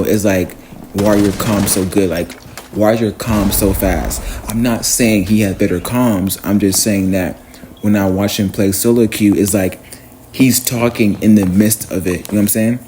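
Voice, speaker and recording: Rambling young man, lowish voice. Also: darkish tone, a little hiss or hum. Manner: rambling, halting, frequent restarts and fillers; casual slang and swearing. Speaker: gaming content creator. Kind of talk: rambling casual vlog monologue.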